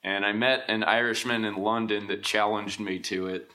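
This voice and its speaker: A man's voice: lowish voice, fairly even intonation, normal speed, bright, forceful tone. A man from Texas with a faint Southeast Texas accent, telling rambling, self-deprecating stories as a podcast guest. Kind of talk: casual chat.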